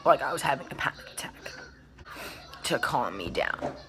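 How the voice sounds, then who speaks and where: A woman's voice: rumbling low, big pitch swings, normal speed, background noise. A young adult woman vlogger in a casual storytime chat, acting out quotes and swearing casually.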